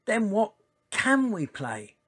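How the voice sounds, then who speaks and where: A man's voice: high voice, wildly swooping pitch, slow pace, a bit bright, voice pushed up, exaggerated voice. A man doing a bubbly young girl dinosaur. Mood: excited. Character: cheerful young female dinosaur, bouncy and eager.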